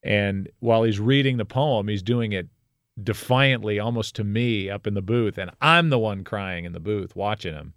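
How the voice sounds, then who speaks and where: A middle-aged man with a smooth, resonant, fairly low voice tells a personal story as a guest. He is reflective and candid, with a wry edge, in a dry, close sound. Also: moderate pace, a bit bright, dry recording.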